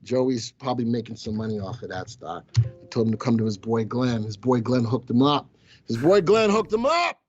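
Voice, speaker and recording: A man's voice: mid-range voice, fairly even intonation, brisk, darkish tone, lo-fi sound. A man hosting a casual live stock-market show, teasing his viewers and crew as he talks. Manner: playful, teasing banter with chat. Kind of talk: casual live-stream commentary.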